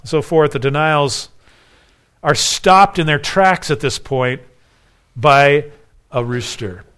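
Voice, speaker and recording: A male preacher with a fairly high voice delivers an expository sermon. He acts out the quoted lines with raised emphasis and drops into quiet asides. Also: slow pace, clean tone. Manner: shifts between soft asides and raised emphasis. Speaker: pastor.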